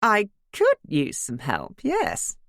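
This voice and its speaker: A woman's voice: medium pitch, huge pitch swings, slow pace, vocal fry, fairly bright tone, dry recording, studio quality, voice pushed up, heavily acted. A woman voicing a posh, tactful neighbour with a cut-glass, breezy way of talking, in a storybook reading. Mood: polite.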